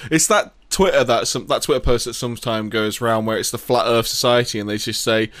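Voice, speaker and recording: A man's voice: mid-range voice, fairly quick, fairly bright tone. A young man in casual podcast chat, easygoing and joking. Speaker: podcast co-host.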